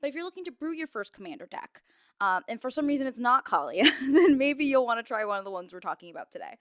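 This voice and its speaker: A woman's voice: on the high side, sing-song, quick pace, no room sound. A young woman co-hosting a casual chat show, bubbly and chatty. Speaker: co-host.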